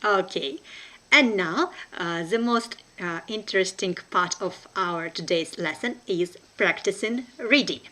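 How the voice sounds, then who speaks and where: A woman with a Russian accent, a native Russian speaker, teaching a language lesson online in a careful, deliberate way with frequent hesitations. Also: fairly low pitch, lively intonation, pushed and bright.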